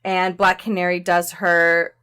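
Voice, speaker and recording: A woman co-hosting a podcast, recapping a movie in a chatty, animated way full of fillers and laughs. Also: on the low side, a little slow, clean tone. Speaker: podcast co-host. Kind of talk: casual chat recapping a movie.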